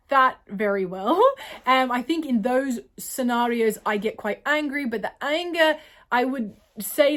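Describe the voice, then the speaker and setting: A woman's voice: fairly high pitch, fairly bright tone. An Australian woman answering viewer questions in a casual, rambling way, often apologizing and correcting herself. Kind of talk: casual Q&A monologue.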